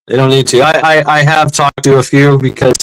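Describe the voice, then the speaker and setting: A man's voice: mid-range voice, flat delivery, fairly quick, clean tone, rough recording. A middle-aged man chatting casually, telling rambling stories with lots of swearing and restarts. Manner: profane, rambling storyteller with many restarts. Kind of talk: casual chat.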